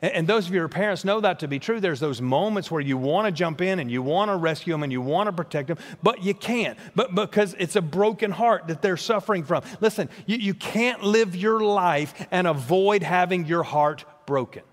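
A man's voice: high voice, animated, normal speed, few pauses. A man preaching a sermon as a pastor, earnest and repetitive, often restarting his words. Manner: earnest preaching with frequent word repeats and restarts. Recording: long reverb of a large hall.

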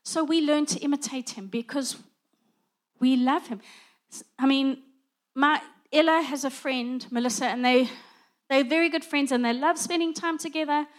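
A woman's voice: high-pitched, normal speed. A middle-aged woman preaching a conversational sermon, acting out little dialogues as she goes.

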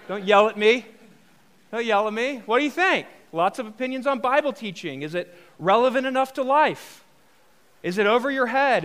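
A pastor preaches a live sermon in a church hall to a congregation, keeping it casual and joking and throwing rhetorical questions at the crowd. His voice is high and a bit bright.

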